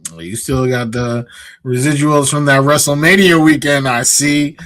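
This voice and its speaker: A man's voice: medium pitch, normal speed, a bit bright. A man in his thirties co-hosting a casual sports talk show, easygoing and upbeat. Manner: easygoing, upbeat, many fillers. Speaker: podcast co-host.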